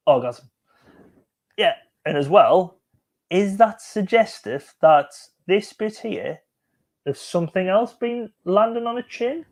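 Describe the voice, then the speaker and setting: A man's voice: sits high, expressive, slow, long pauses, a little mellow. A man hosting a casual live stream, joking and chatting as he reacts to music videos and reads out viewer comments.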